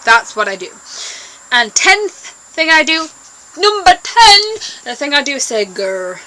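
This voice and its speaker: A woman's voice: high voice, big pitch swings, measured pace, sharp tone, slight background noise, rough recording. A young woman vlogging to camera in a bubbly, rambling, playful way. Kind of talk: casual chat to camera.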